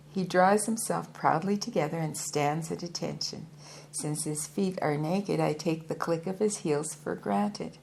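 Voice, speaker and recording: A woman narrating a first-person travel book in a measured, unhurried reading. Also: lowish voice, creaky, a little mellow, slight background noise. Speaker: audiobook reader.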